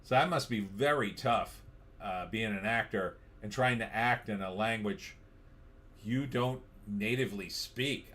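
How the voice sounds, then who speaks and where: Reading viewers' comments aloud on his laid-back live stream, a middle-aged man riffs on them in a dry, offhand manner. He has a lowish voice with a fairly bright tone.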